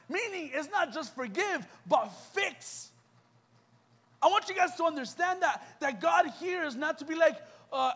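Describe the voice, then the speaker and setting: High-voiced young man preaching fervently. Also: animated, measured pace, fairly bright tone. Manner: impassioned, rhetorical questions to the crowd. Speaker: youth preacher. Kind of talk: sermon. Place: church youth event.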